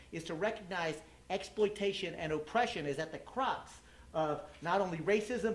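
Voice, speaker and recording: Impassioned American man speaking in an echoey hall. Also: high voice. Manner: impassioned, emphatic, with rhetorical questions. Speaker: political speaker. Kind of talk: public speech at a community event. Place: community meeting hall. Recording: echoey room recording.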